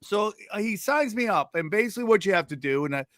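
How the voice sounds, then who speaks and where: A man co-hosting a comedy podcast, telling a rambling story and slipping into voices for the people in it. His voice sits a little high for a man. The sound is close and dry. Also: fast, dry recording. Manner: animated, puts on voices for people in his stories. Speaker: podcast co-host.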